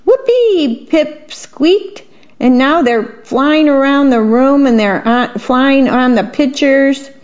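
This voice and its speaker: Woman reading a kids picture book out loud, kinda high voice, slow and lively, muffled lo-fi sound. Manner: lively, animated read-aloud with brightening exclamations. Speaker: storybook reader. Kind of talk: picture book read-aloud with describing asides. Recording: dull lo-fi recording.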